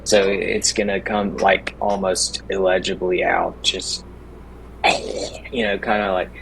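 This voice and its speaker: A man's voice: deep voice, little pitch movement, moderate pace, creaky, noisy background. A man playing in a tabletop game, explaining his character's choices hesitantly with many fillers and restarts. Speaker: player. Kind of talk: casual in-game discussion.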